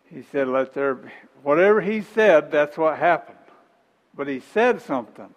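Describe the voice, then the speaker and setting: A man's voice: a little high, animated, moderate pace, in a large hall, poor audio. A middle-aged man preaching a sermon in a folksy, conversational way, repeating phrases and chuckling between points.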